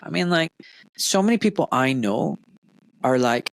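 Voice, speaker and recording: A man's voice: mid-range voice, expressive, normal speed, vocal fry, dry recording. A middle-aged man hosts a casual podcast chat with a mid-range voice, recorded very dry and close. He rambles enthusiastically and animates his stories with bursts of energy. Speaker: podcast host.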